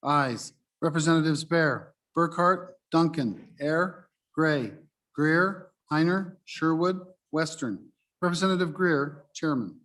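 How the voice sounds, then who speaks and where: A man's voice: on the high side, slow pace. Man reading bills as clerk. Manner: steady list reading. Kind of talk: formal reading aloud. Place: legislative chamber.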